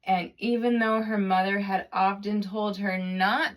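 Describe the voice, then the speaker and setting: A woman telling a children's storybook tale with expressive narration and dramatic, drawn-out repetitions. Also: mid-range voice.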